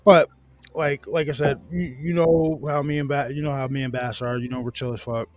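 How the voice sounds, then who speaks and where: A man's voice: mid-range voice, level tone, fairly quick, darkish tone, no room sound. A man hosting a casual talk show, easygoing and reassuring, swearing casually. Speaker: podcast host. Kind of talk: casual chat.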